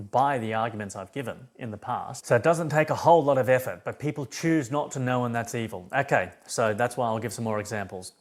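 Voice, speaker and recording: A man talks straight to camera in an emphatic, rambling monologue. He restarts phrases often while driving his point home. His voice sits at a medium pitch. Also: animated, a little fast, hardly any pauses. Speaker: philosophy vlogger. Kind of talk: unscripted monologue.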